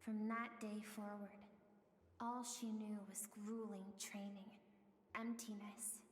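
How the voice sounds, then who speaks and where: An actress playing a calm, mysterious storyteller guide in a game, heard with echo and long reverb. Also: female voice, medium pitch, slow, a little hiss or hum, lightly acted.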